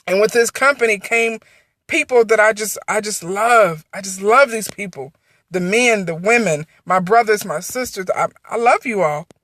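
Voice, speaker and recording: A woman's voice: mid-range voice, moderate pace, fairly bright tone. A woman speaks into her phone on a livestream, pouring out an emotional, faith-filled testimony. She loops back on her phrases as the feeling builds. The sound is close and dry, with no room echo. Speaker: network marketing director.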